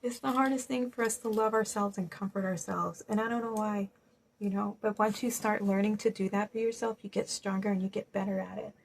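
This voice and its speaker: Gentle reassuring woman giving a reading. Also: mid-range voice, steady tone, fairly quick, creaky, poor audio. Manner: gentle, reassuring, with many fillers like "you know". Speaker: spiritual card reader. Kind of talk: intuitive tarot-style reading to viewers.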